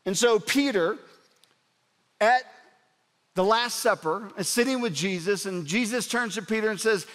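A man in his forties preaching a sermon and telling a story, animated, and he drops low and soft for drama. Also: measured pace, pauses often. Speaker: pastor. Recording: long hall reverb.

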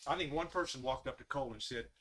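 A man's voice: medium pitch, quick pace, fairly bright tone. A middle-aged man preaching a casual, conversational sermon full of folksy asides. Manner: folksy, conversational, with Southern "y'all". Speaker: pastor.

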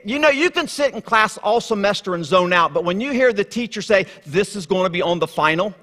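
Man, sermon, storytelling, bright voice, long reverb. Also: sits high. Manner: storytelling, swings from hushed to lively. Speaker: guest preacher. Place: church sanctuary.

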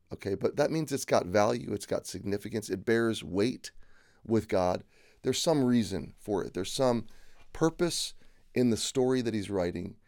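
A man's voice: on the low side, creaky, a little mellow, no room sound, studio quality. A male pastor giving a daily devotional Bible teaching, earnest and repeating phrases for emphasis.

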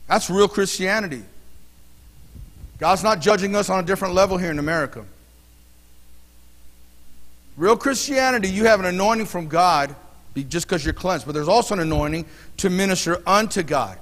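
A pastor preaches a sermon in a church sanctuary, speaking loosely and conversationally, weaving in personal stories and often restarting his sentences. His voice sits high and sounds expressive, brisk, and a little bright. A long hall reverb fills the recording.

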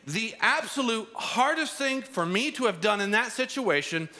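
A pastor preaching a sermon, his voice bright and a little high for a man. He tells a personal story and acts out what people said. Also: animated, normal speed. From Arizona. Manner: storytelling with acted quotes.

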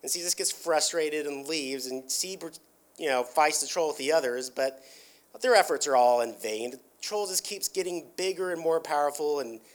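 A man's voice: fairly high pitch, normal speed. A man casually retelling a cartoon episode, rambling with lots of filler words and restarts.

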